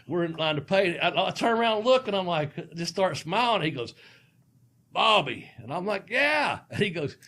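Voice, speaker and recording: Male podcast host, ex-wrestler, profane and laughing storyteller, slightly high voice. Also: very animated, normal speed, sharp tone. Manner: profane, laughs through his stories. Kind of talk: casual storytelling.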